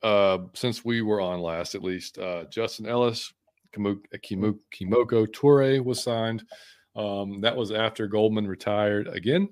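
Brief: man, podcast co-host, deeper voice, relaxed news rundown, dry close sound. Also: unhurried, no room sound. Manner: laid-back, many fillers, reads out team news. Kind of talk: casual chat.

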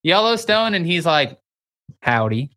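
A podcast co-host in casual chat, animated and gossipy, acting out what others said. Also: medium pitch, moderate pace. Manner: animated, gossipy, acts out quoted voices.

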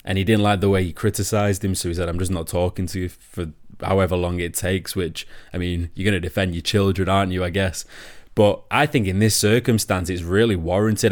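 Low-voiced opinionated football pundit. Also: male voice. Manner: opinionated, talks in long run-on thoughts. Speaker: podcast pundit. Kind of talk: casual football podcast chat.

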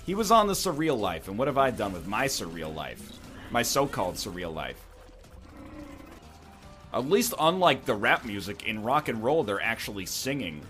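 A man's voice: lowish voice, big pitch swings, moderate pace, a bit bright, soft background music. A man giving rambling, jokey commentary while playing a video game, full of wry asides. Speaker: gameplay commentator. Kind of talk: gameplay commentary with rambling jokes.

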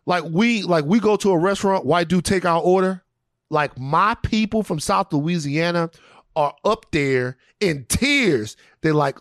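A man co-hosting a podcast, riffing in an animated, profane, comedic way. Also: high-pitched, a little slow, no room sound, clean studio sound. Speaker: podcast co-host. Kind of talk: casual comedic chat.

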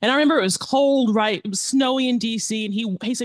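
A man's voice: very high voice, fast talker, no room sound. A man from Tennessee telling stories in a casual interview, acting out quoted lines. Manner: animated anecdote teller who acts out quotes. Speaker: podcast guest, former congressional staffer.

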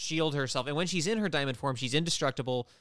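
A man hosting a podcast, recapping episodes in casual chat, animated and often laughing. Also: fairly high pitch. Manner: animated, laughing, does quick impressions.

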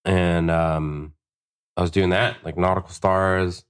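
Man, deep low voice, tattoo artist guest, casual storytelling, heavy swearing, acts out dialogue. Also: slow, clean tone. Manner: profane, animated, acts out quotes.

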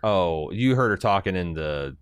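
A man co-hosting a podcast in casual chat, rambling with halting restarts. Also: deep voice, lively intonation, clean tone, dry recording, clean studio sound. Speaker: podcast co-host.

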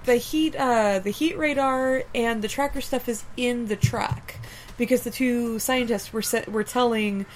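A woman's voice: a little high, measured pace, a little hiss or hum. A woman co-hosting a casual movie podcast, explaining plot details with jokes. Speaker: podcast co-host.

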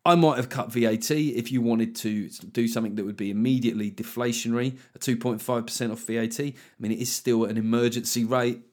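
A man hosting a solo podcast, ranting about politics in an animated, sweary, mock-incredulous way. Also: mid-range voice, fast, hardly any pauses. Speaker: podcast host.

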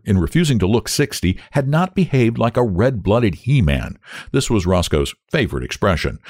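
A male narrator reads a story aloud in an expressive storytelling manner. His voice sits on the low side but moves lively up and down. The recording is dry and close. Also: dry recording. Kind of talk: audiobook narration.

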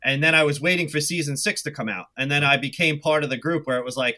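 A man's voice: on the high side, quick pace, bright, forceful tone. A man in his thirties with a New York accent, a guest telling stories in a chatty way and acting out his own past remarks. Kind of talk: casual interview chat.

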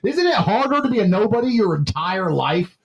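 Dude ranting fast on a stream, preachy and intense, pitch flying up and down. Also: male voice, very animated, slightly rough. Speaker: livestream co-host. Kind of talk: motivational rant.

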